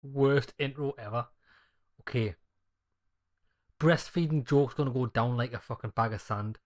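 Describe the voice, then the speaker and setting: A man's voice: mid-range voice, measured pace. A man commentating casually on a video game with crude, mocking asides. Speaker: gaming YouTuber commentator. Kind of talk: casual let's-play commentary.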